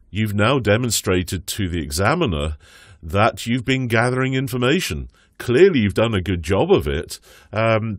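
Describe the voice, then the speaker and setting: A man tutoring for a medical English speaking exam, explaining in a measured, instructive way with some fillers. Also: on the low side, no room sound, studio quality. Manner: acts out doctor and patient lines in his own voice. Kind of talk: exam prep lesson.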